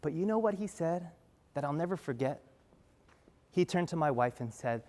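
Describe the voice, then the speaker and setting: A man's voice: on the high side, lively intonation, moderate pace, long pauses, a little mellow, long reverb tail. A man giving a talk on stage, telling stories earnestly and asking the audience rhetorical questions. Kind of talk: storytelling talk.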